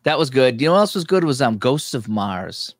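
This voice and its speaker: A man hosting a casual chat, relaxed and joking, chiming in with short replies. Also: medium pitch, brisk, no echo, clean studio sound. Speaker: host.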